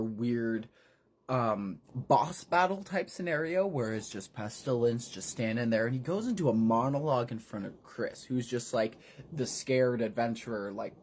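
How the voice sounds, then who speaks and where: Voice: mid-range voice, slight background noise. A casual storyteller recapping a horror book, voice bouncing up and down with lots of swing. The delivery is playful and irreverent, peppered with swearing. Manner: playful, swearing, lively retelling. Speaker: narrator.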